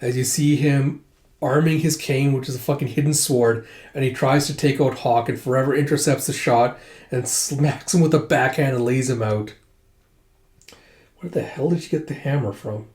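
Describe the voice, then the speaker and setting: Comic readthrough host; profane live reactions, roomy echo. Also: male voice, mid-range voice, normal speed, darkish tone. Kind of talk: reading aloud with live reactions. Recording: echoey room.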